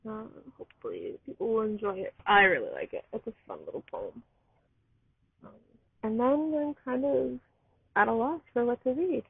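A tired, allergy-stricken woman hosting a poetry podcast live, chatting in a rambling, excited way while sitting outdoors. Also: a little high, moderate pace, gravelly, husky, no room sound. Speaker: podcast host reading poetry. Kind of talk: casual live-stream chat. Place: outdoors, train in the distance. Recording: tinny phone-like sound, faint outdoor noise.

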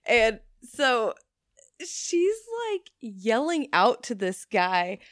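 A woman's voice: on the high side, very slow, no echo, studio quality. A woman chatting casually, telling a work story with lots of swearing, acted-out quotes and laughter. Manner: animated, swears freely, acts out quotes, laughs often.

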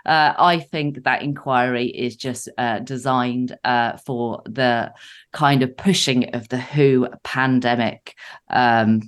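A woman co-hosting a live radio talk show, her voice deep, husky and bunged up from a cold, chatty with lots of fillers. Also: steady tone, slow pace. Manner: frequent fillers, chatty and self-mocking.

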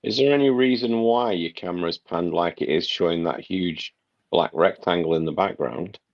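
A man's voice: deep voice, moderate pace. A man co-hosting a gaming podcast, teasing the host in a dry way. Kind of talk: casual gaming podcast chat. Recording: dull lo-fi mic.

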